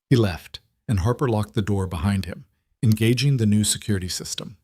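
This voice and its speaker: A man narrating a romance story in a measured, even storytelling manner. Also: on the low side, no echo, studio quality.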